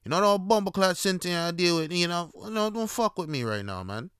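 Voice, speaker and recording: A man's voice: high-pitched, lively intonation, brisk, a bit bright, smooth, dry recording, clean studio sound, pitched above the performer's own voice. A man voicing a threatening young male street tough with a Toronto accent, who speaks in clipped, slangy threats. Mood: menacing.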